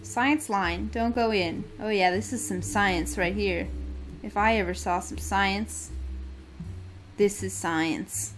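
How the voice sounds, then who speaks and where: A woman's voice: medium pitch, slow, faint music behind. A woman playing a video game and giving goofy, chatty commentary while reading the dialogue aloud. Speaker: gamer playing through a game. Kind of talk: casual let's-play commentary.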